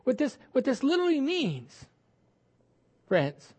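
A man's voice: very high voice, wildly swooping pitch, unhurried, a little mellow, slightly rough. A male pastor preaching a sermon with emphatic delivery, repeating words and acting out quoted voices.

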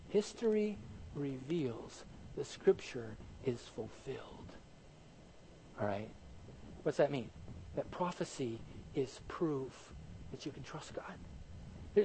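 High-voiced male preacher, animated. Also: a little hiss or hum, low-quality recording. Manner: animated, full of rhetorical questions. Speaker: pastor. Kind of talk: sermon.

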